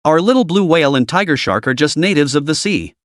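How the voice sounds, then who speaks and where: Man reading cocky ten-year-old boy streamer, smug, teasing, storybook recap, lively pitch. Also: fast talker, no room sound, clean studio sound, natural voice.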